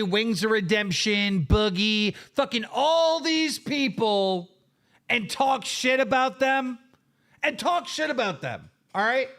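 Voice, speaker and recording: A man's voice: high voice, fairly bright tone. A man hosting a live stream, reacting to clips in a heated, profane rant and often repeating himself.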